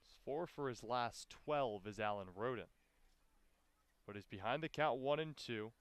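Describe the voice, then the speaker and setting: A man calling live baseball play-by-play, with his voice climbing sharply in pitch and volume on big plays. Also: a little slow, no room sound. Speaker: play-by-play announcer.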